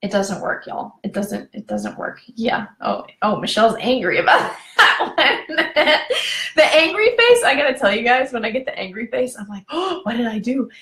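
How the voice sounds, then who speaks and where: A woman relationship coach giving a chatty, animated live video training, laughing often and drifting into tangents. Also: fairly high pitch, moderate pace, creaky. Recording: echoey room.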